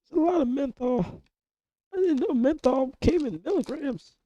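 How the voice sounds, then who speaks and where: A sick young man whose hoarse, breaking voice keeps jumping up high, chatting on a live stream. He rambles, repeats himself and swears freely. His tone is dark and muffled, recorded close and dry. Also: lively intonation, moderate pace, no room sound. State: hoarse, voice cracking and going high from illness. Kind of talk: casual live-stream chat.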